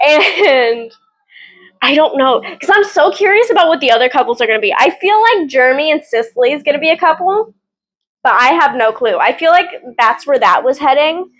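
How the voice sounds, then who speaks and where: Young woman, high voice, excitable book vlogger, casual chat at home. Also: brisk, rough recording. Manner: gushing, excitable, lots of fillers. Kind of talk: casual chat reviewing books. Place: at home with her cat. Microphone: camera in front of her.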